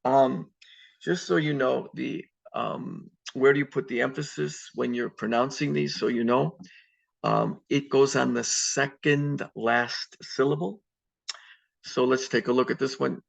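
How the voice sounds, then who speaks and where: A man's voice: medium pitch, fairly even intonation, measured pace, gravelly. A man teaching a Spanish class over a video call, explaining step by step with frequent ums. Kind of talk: online class lecture. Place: home at computer on video call. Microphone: video call mic. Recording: dull lo-fi video call audio.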